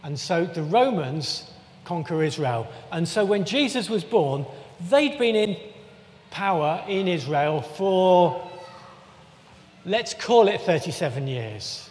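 A man preaches in a relaxed, chatty way, tossing in jokes and circling back to restart his thoughts. His voice sits high for a man, and it carries the long reverb of a church hall. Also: slow pace. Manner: chatty, jokey asides, frequent restarts. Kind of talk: conversational sermon with a map.

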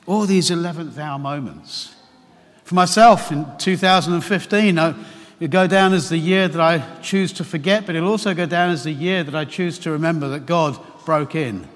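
High-voiced preacher in a reverberant church. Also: male voice, normal speed. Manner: animated preaching, rising into emphatic questions. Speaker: pastor. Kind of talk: sermon. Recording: long hall reverb.

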